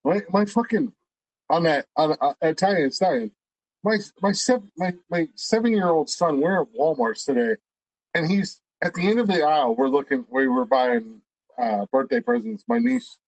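A middle-aged man in casual chat, spinning a rambling story with plenty of stammered restarts and swearing. His voice sits high and swings up and down a lot, with a gravelly edge. The sound is close and dry. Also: lively intonation, normal speed, no echo, rough recording.

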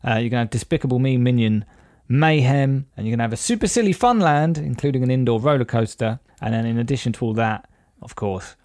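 A man's voice: mid-range voice, animated, fast, hardly any pauses, a little mellow, no echo, clean studio sound. A man co-hosting a podcast in casual chat, rambling and upbeat with many fillers. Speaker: podcast co-host.

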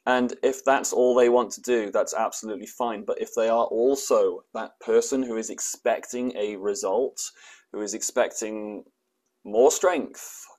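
Male personal trainer hosting a fitness show, slightly low voice, relaxed and conversational. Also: unhurried. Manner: conversational, frequent uh and um fillers. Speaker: personal trainer, podcast host. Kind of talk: casual explanatory monologue.

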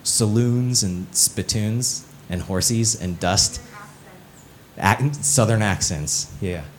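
A man pastor giving a casual teaching sermon to a live congregation, joking often, asking the room questions and filling pauses with "um" and "like". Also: fairly low pitch. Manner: chatty and joking, with many fillers like "um" and "like"; asks the audience questions and waits for replies.

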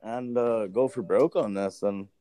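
A man's voice: lowish voice, unhurried, mellow. A man co-hosting a casual podcast chat, hesitating with fillers and swearing. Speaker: podcast co-host.

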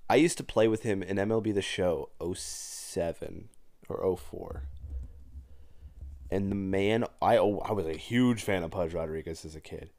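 A young man from Massachusetts, co-hosting a casual chat and talking in an animated way, laughing often. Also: low voice, normal speed. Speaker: podcast co-host.

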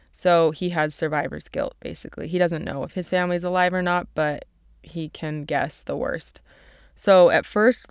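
A woman's voice: low voice, smooth, dry recording, clean studio sound. A young woman casually retelling a novel's chapters for a book summary, peppering her talk with "like" and reading passages aloud.

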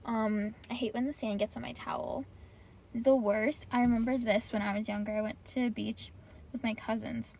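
A woman's voice: a little high, steady tone, normal speed, creaky, a little mellow, breathy edge. A young woman rants casually and profanely on her podcast, sprinkling "like" everywhere while sitting in her car. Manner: profane, complaining, heavy use of "like". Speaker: podcast host. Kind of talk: casual solo podcast rant.

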